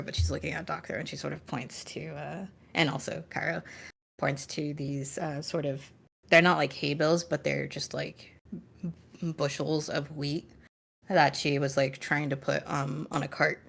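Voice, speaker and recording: A woman narrating a tabletop game as its game master, loose and full of fillers. Her voice is lowish with a gravelly fry. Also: flat delivery, a little slow. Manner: casual, filler-heavy narration.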